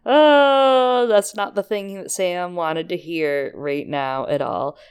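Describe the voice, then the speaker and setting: Lower-voiced woman analyzing a chapter. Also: smooth. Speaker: podcast co-host. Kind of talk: casual book discussion podcast.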